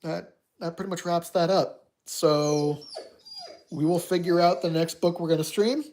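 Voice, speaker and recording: A streamer narrating an interactive horror book for an online audience. The voice has a mellow, darker tone, and the reading is steady and even. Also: medium pitch, a little slow, a little hiss or hum. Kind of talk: reading a story aloud on stream.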